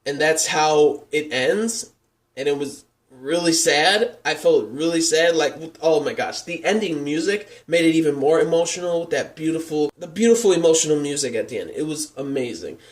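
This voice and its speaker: A man's voice: a little high, expressive, moderate pace. A man giving a casual, rambling anime episode review, leaning on fillers and openly moved by what he describes. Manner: rambling, heavy on "like" and "and stuff" fillers.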